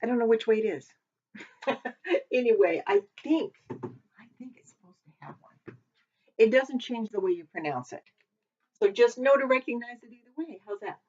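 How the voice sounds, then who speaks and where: A woman's voice: on the high side, animated, moderate pace, a little mellow. A woman teaching a casual Hebrew vocabulary lesson, chatting and thinking aloud as she double-checks her work. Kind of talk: informal recorded lesson. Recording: dull lo-fi recording.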